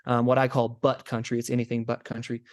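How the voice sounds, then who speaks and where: A man's voice: medium pitch, completely flat delivery, fast. A young man who is a chiropractor, a guest on a podcast, talking casually and rambling through stories with lots of "like" fillers. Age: young adult. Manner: rambling storyteller, many "like" fillers. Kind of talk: casual interview chat.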